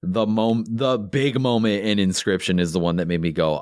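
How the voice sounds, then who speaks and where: A man as a guest on a games podcast, talking easily with pauses and fillers. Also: lowish voice, fairly even intonation, no room sound, clean studio sound. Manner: easygoing, listing things with pauses and fillers. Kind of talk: casual chat.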